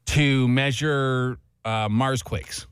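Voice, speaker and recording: A man's voice: mid-range voice, fairly even intonation, extremely slow, clean tone, no room sound, clean studio sound. A man hosting a casual radio show, chatting and laughing while he searches for words, and reading a poem aloud.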